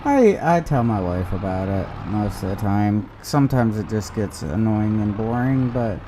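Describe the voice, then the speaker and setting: A man talks casually on a game stream, rambling through his stories. His voice is mellow and warm, and a faint hum sits behind him. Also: on the low side, lively intonation, normal speed. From United States. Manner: rambling storyteller who acts out quoted voices.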